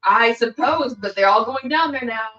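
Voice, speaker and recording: A woman's voice: a little high, moderate pace, sharp tone, roomy sound, recorded from a distance. A woman tabletop player speaks in short, practical remarks. The recording is a bit dull. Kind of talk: casual tabletop play.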